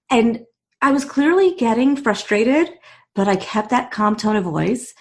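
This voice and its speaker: A woman guest on a podcast interview, telling a personal story with quick bursts, restarts and laughs. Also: medium pitch, lively intonation, darkish tone. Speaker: guest, author and CEO.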